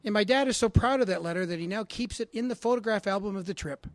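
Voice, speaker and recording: A man from Canada speaking at a recovery assembly, telling a heartfelt personal story that drops to hushed tones and rises to loud emphasis. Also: sits high, fast talker, dry recording. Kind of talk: personal testimony talk. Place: assembly hall.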